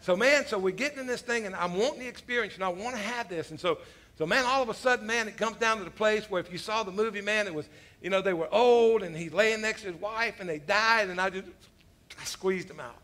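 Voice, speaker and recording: A pastor preaching a sermon, telling animated, self-mocking stories full of casual asides like "man" and "you know.". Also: sits high, quick pace. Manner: self-deprecating humor, laughs at his own stories.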